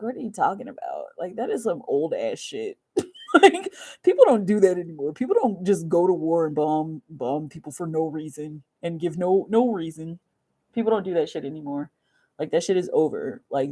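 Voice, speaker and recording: A young woman runs a tarot livestream, chatting casually and ramblingly with viewers, laughing often and saying "like" constantly. Her voice is on the low side and mellow.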